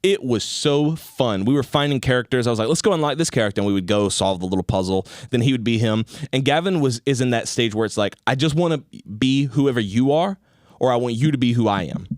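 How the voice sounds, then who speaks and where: A young man co-hosting a casual talk show, telling animated stories and acting out quotes. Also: medium pitch, brisk, no echo, clean studio sound. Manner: animated storyteller, acts out quotes. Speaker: podcast co-host. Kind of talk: casual chat.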